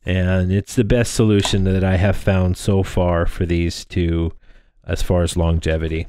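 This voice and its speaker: A man's voice: deep voice, level tone, measured pace, dark tone, clear, resonant tone, dry recording. A man in his thirties talking casually through a drone frame build, rambling with plenty of fillers and restarts. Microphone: close microphone in front of him.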